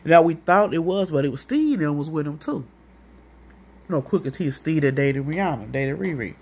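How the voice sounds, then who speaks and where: A woman's voice: low-pitched, animated, moderate pace, a little mellow, slightly rough. A woman with a St. telling a long, rambling, profane story in a casual monologue, acting out what other people said. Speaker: vlogger.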